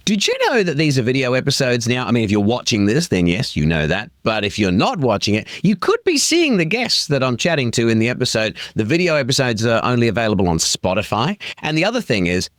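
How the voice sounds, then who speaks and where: A man's voice: medium pitch, sing-song, quick pace, hardly any pauses, fairly bright tone, dry recording, studio quality. A man with an Australian accent hosting a casual podcast chat in a small caravan, playful and teasing. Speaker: podcast host.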